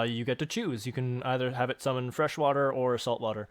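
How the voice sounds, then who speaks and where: A man serving as game master for a tabletop game, laying out rules in a relaxed, matter-of-fact way. His voice is recorded close and dry, with no room sound at all. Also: mid-range voice, brisk, clear, resonant tone, no echo.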